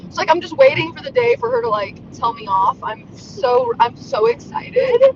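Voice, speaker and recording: A woman co-hosting by phone while she drives, loud and gushing, swearing and laughing as she chats. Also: very high-pitched, wildly swooping pitch, normal speed, highs cut off. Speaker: podcast co-host calling in. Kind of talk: casual chat while driving. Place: in a car. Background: road noise.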